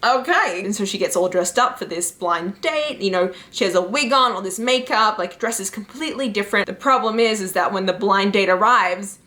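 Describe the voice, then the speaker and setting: A woman recommending webcomics in a casual chat, retelling plots in an animated way and often saying "like" and "you know". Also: mid-range voice, normal speed, few pauses. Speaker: book and webcomic reviewer.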